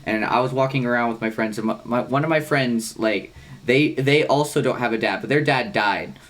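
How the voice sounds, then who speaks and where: A man's voice: mid-range voice, moderate pace, a bit bright. A young man co-hosting a podcast, telling long rambling stories with lots of swearing and acted-out quotes. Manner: rambling storyteller, swears a lot, acts out quotes. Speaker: podcast co-host. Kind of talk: casual chat.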